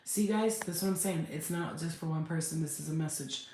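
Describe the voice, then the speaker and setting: A woman psychic medium channeling messages in a halting, repetitive, emotional way, close to tears. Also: low-pitched, warm tone. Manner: halting, repetitive, restarts words. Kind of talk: live spirit channeling session. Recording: very echoey room, faint background noise.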